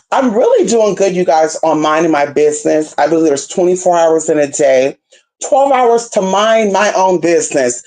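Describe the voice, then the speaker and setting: A woman from California with a warm tone talks casually to her viewers as a spiritual reader. Her manner is sassy and chatty, full of baby and girl, with low murmurs giving way to high squeals.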